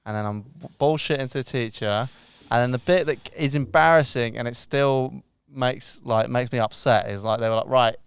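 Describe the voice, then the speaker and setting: Gravelly man telling stories. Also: medium pitch, moderate pace, few pauses, no echo. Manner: sweary, self-mocking storyteller. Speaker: podcast co-host. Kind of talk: casual chat.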